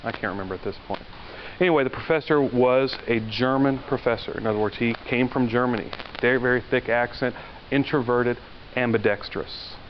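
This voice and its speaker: A man's voice: medium pitch, a little fast. A male university lecturer giving a classroom lecture, talking conversationally, asking the class questions and telling stories along the way. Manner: conversational, asks the class questions, tells anecdotes. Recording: dull lo-fi lecture recording with faint noise.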